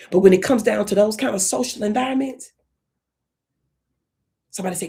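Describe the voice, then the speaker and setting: Husky-voiced woman hosting a livestream. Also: mid-range voice, brisk, pauses often. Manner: animated, talks to live chat, drops into whispers. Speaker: livestream host. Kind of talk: casual livestream commentary.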